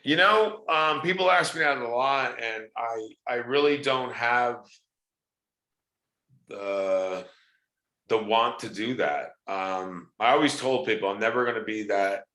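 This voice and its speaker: A man's voice: medium pitch, a little slow, roomy sound. A man, a wrestler and actor, chatting casually in an interview and telling stories with acted-out quotes. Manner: animated storyteller, acts out quoted voices.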